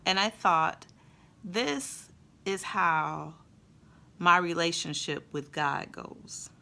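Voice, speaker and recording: A woman and mother telling a family story in a casual, expressive way, then drawing a faith lesson from it. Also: on the low side, drawn-out words, vocal fry. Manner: conversational, expressive, with fillers. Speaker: mother and Christian vlogger.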